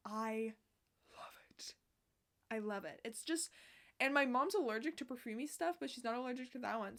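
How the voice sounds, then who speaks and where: A young female vlogger chats casually to camera in a fairly high voice. She's bubbly and swears a lot, breaking into loud bursts of laughter and whispered asides.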